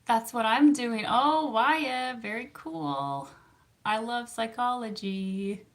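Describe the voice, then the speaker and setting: A woman's voice: on the high side, slow pace. A Canadian woman in her thirties, a therapist, chatting casually with viewers in a giggly, chatty way. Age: 30s. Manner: giggly and chatty, with frequent fillers. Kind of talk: casual live-stream chat answering viewer comments.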